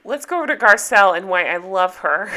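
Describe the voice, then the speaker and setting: A middle-aged woman recaps a reality TV show in casual chat, her voice bright, forceful, expressive, and at an ordinary pitch. She talks fairly quickly, as if gossiping with friends, heavy on sarcasm and often bursting into laughter.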